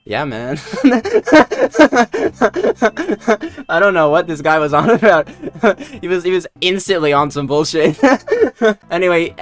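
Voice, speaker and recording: Male streamer, casual storyteller, lively swings in pitch, quick to laugh. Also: faint music behind. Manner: laughs often, swears freely, lively. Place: his room at home.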